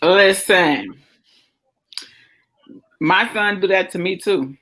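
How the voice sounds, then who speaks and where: Woman unhurried mom in casual chat, emphatic, draws words out. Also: on the low side, fairly bright tone. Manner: emphatic, drawn-out delivery. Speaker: mother chatting with a friend.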